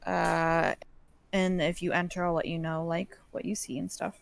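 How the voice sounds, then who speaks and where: A woman's voice: on the low side, little pitch movement, normal speed, creaky, no echo. A woman acting as game master, describing rooms and rules in a chatty way. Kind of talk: narrating a tabletop game online.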